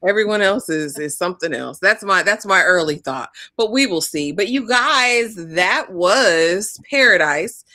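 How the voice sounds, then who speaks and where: A woman hosting a live TV recap show, relaxed and conversational as she trades thoughts and closes things out. Her voice is mid-pitched. The sound is close and dry with no room echo. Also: unhurried, hardly any pauses. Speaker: host. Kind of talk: casual TV recap chat.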